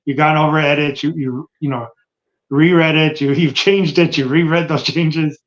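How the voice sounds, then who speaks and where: A man's voice: fairly high pitch, steady tone, normal speed. A man hosting an interview podcast, supportive and repeating himself as he thinks aloud. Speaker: podcast host. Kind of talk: casual interview chat. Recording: dull lo-fi sound.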